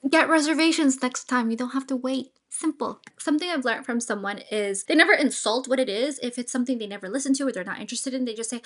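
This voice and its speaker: A woman's voice: a little high, brisk, few pauses, bright, forceful tone. A young woman host reacting to dating clips with opinionated, advice-giving commentary. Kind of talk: casual commentary.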